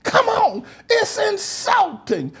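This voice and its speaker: A male pastor giving mocking commentary on comments he reads aloud, laughing often and swinging between loud highs and low mutters. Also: wildly swooping pitch, takes it slowly. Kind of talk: preacher's commentary reading online comments.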